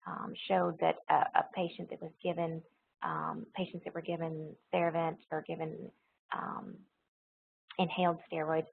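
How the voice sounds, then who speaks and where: A low, gravelly woman's voice delivers a pharmacology lecture, working through each point carefully and repeating what matters, with plenty of ums along the way. The sound is thin and tinny, like it came over a phone line, with a faint hiss under it. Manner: explanatory, repeats key points, frequent ums. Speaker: nursing pharmacology instructor. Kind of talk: recorded lecture.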